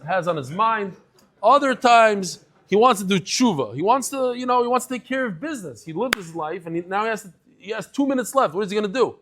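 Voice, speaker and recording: A man giving a daily Talmud class, telling stories with lively acted-out quotes and sprinkling in Hebrew and Yiddish terms. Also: sits high, fairly quick. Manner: animated storyteller, acts out quoted voices. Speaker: daf yomi lecturer.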